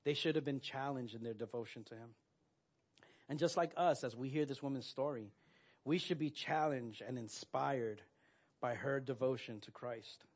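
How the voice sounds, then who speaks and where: A man delivering a sermon in an earnest, direct way. His voice sits at an ordinary middle pitch. He often stops to restart a phrase or fills a gap with a quick "uh". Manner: earnest, with frequent fillers and restarts. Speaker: pastor.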